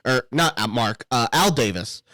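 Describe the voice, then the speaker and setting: A man's voice: medium pitch, lively intonation, moderate pace, bright, forceful tone, no room sound. A man co-hosting a casual podcast about being a dad, talking in a rambling way, swearing and often laughing. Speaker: podcast co-host. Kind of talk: casual chat.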